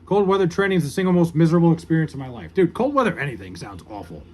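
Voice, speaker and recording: A male streamer with a fairly high voice chats casually on his live stream, reading viewer comments aloud. He answers with loose, joking banter, cursing freely and poking fun at himself. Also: sing-song, rapid-fire, a little mellow. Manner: joking, profane, self-mocking banter with viewers. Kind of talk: casual livestream chat.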